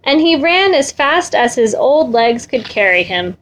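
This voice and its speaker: A woman reading a children's story aloud in a gentle, rhythmic way, repeating phrases. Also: high voice, very animated, unhurried, slight background noise.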